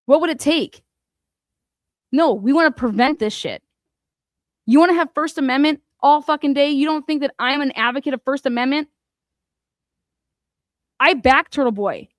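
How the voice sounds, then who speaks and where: A woman's voice: sits high, normal speed, pauses often, no echo, studio quality. A woman giving angry, profane commentary on a court case, firing rhetorical questions straight at the people she talks about. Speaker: commentary host.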